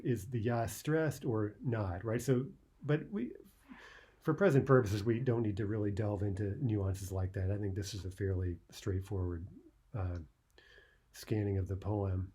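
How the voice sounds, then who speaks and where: A man's voice: fairly low pitch, normal speed, dark tone, slight background noise. A man teaching a poetry lesson, thinking aloud with many "uh"s and "right?"s as he explains a poem line by line.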